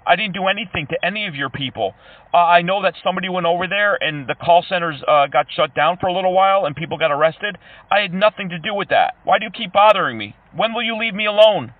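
A man's voice: high-pitched, quick pace, no echo, far from the mic. A man making a prank phone call, complaining with mock indignation and needling the person on the line. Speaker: prank caller trolling scammers.

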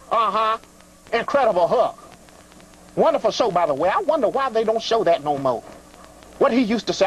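A man's voice: high-pitched, husky, poor audio. A man hosting a live call-in show, talking in a theatrical, preachy way and calling callers "honey".

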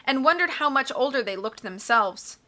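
A woman reading a storybook aloud in a bright, fairly high voice. Her narration is lively and expressive, and she corrects small slips as she goes. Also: moderate pace. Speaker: audiobook reader.

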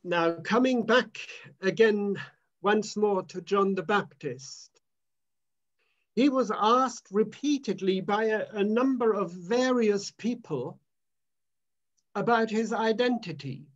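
A man minister preaching a sermon in an emphatic, measured way, repeating phrases for weight. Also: sits high, expressive, muffled recording.

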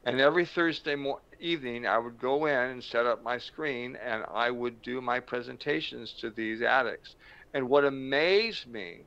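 A man who works as a motivational speaker tells a story in a slow, dramatic way with emphatic pauses. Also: mid-range voice, pushed and bright. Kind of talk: storytelling talk to camera. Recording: dull lo-fi sound.

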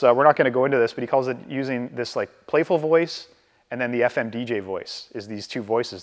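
This live real estate training, delivered over video call by a Canadian man, has a big-room sound. His pitch is medium, his tone conversational, and he keeps checking in with "right?" while purposely slowing down to show calm.

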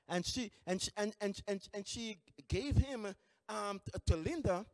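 A man giving a training lecture, telling lively stories with frequent restarts. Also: sits high, moderate pace, vocal fry, no room sound, clean studio sound, in a large hall. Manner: animated storytelling, many restarts. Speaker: employment trainer.

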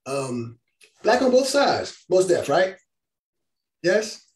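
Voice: medium pitch, sing-song, slow. A discussion host who moderates casually, affirming the guest eagerly and laughing between phrases.

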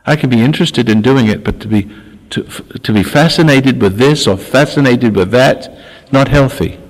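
A spiritual talk comes from an older man at medium pitch and moderate pace. He's a spiritual teacher who keeps stopping, restarting and repeating words, recorded with a long hall reverb.

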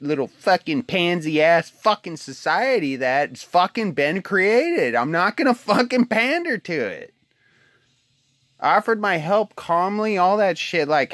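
A man's voice: on the high side, a bit bright, no echo. Alaskan man ranting, swearing nonstop. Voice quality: heated, swears constantly, repeats himself. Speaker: husband sending a video message. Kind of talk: profane venting rant. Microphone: phone video message.

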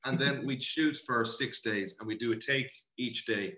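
A man from Ireland giving a casual interview as an actor, animated and chatty, often saying "you know" and calling the interviewer brother. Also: medium pitch, moderate pace. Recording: roomy echo.

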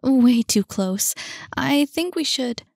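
A woman's voice: high voice, animated, takes it slowly, creaky, darkish tone, no echo, studio quality, voice pushed up, full character voice. A woman voicing a frightened young girl whose voice shakes as she speaks. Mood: shaken. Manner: trembling, breathless.

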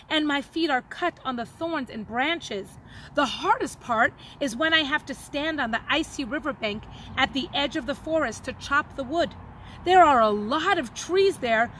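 A woman voicing a desperate barefoot village man who pleads in a high, tearful voice. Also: fairly bright tone, slight background noise.

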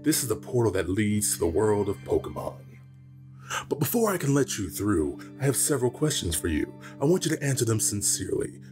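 A man co-hosts a let's play, needling his partner in a teasing, animated way while he reads the game's questions aloud. His pitch swings widely, and soft music hums in the background. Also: brisk. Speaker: co-host of a let's play channel. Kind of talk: casual gameplay chat, reading game text aloud.

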